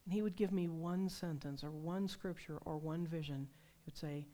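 A woman preaching a sermon, telling personal stories in a conversational, animated way. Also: low voice, moderate pace. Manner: conversational, animated storytelling with laughs.

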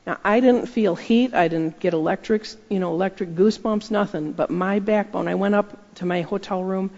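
Woman preacher, gravelly edge, chatty storyteller; dull recording with a long hall echo. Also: medium pitch, moderate pace, darkish tone. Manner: conversational, acts out her own inner dialogue. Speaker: speaker giving a testimony. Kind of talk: storytelling sermon.

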